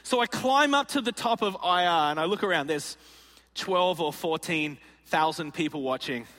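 A man's voice: on the high side, expressive, moderate pace, pushed and bright, in a large hall. A man preaching, telling a comic story and acting out the voices of the people in it. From Australia. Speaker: pastor. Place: large auditorium.

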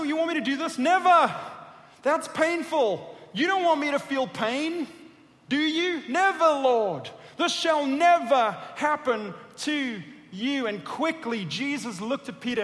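A man with a high voice preaches a sermon, reading scripture aloud and acting out what the characters say. His voice rings with a long reverb in a church sanctuary. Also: a bit bright. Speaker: pastor.

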